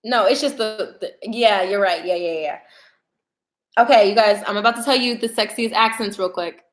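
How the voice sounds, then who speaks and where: A woman's voice: mid-range voice, normal speed, echoey room, rough recording. A young woman, chatting casually with viewers during a tarot livestream. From New York.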